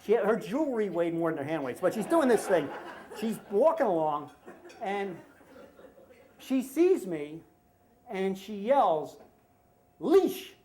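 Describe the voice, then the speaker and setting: A middle-aged American man telling a comic story live at a story slam, acting out the shouted quotes. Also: high-pitched. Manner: animated, acts out shouted quotes. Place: live venue with audience laughter.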